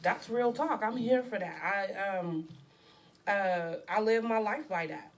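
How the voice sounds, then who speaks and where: A woman co-hosting a casual talk show, speaking in a measured, earnest way. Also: medium pitch, a little hiss or hum. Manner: measured, earnest, lots of short agreeing replies. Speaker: podcast co-host. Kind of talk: casual chat.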